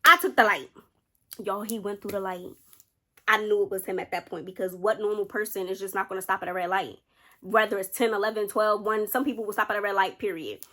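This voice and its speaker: Bright-voiced woman telling a story. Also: medium pitch, a little fast. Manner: chatty, animated, keeps addressing viewers directly. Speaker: vlogger. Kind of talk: casual storytime narration.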